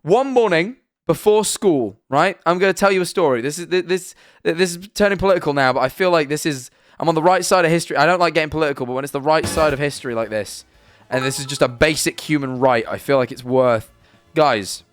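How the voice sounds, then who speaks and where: A British man streams live, reacting to videos and chat in a rambling, emphatic way, swearing and tossing in lots of "right?". His voice is a little high and fast, with faint music playing behind him.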